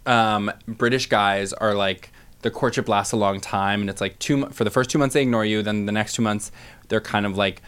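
A man's voice: lowish voice, steady tone, fairly quick, fairly bright tone, smooth. Guy cohosting a comedy podcast, rambly and joking, kinda self-deprecating. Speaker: podcast co-host. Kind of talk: casual comedic chat.

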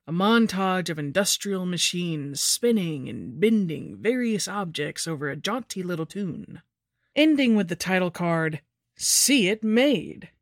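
A woman's voice: lowish voice, dry recording, studio quality. A woman narrating a scripted horror story in a wry, sardonic first-person voice.

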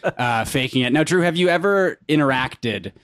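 A man's voice: on the high side, lively intonation, fairly bright tone, clear, resonant tone, dry recording, clean studio sound. A man hosting a podcast, asking guests questions in a chatty, easygoing way. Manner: chatty, asks questions, quick agreement. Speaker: podcast host. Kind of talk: casual podcast chat.

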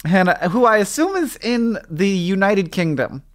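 Man, middle-aged, podcast co-host, playful and teasing, fairly high voice, very animated pitch. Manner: playful, teasing, quick to laugh. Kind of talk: casual podcast chat.

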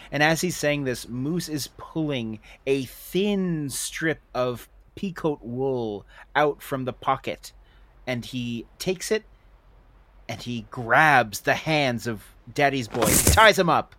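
A man playing a tabletop game, narrating his character's actions in a relaxed way. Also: medium pitch, slow pace. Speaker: player.

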